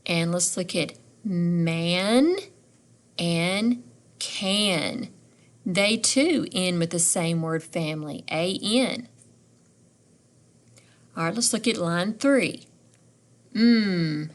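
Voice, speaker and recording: Slow, patient woman teaching phonics. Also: mid-range voice. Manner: sounds out letters and words slowly, encouraging questions. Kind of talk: slow, clear phonics lesson for young readers.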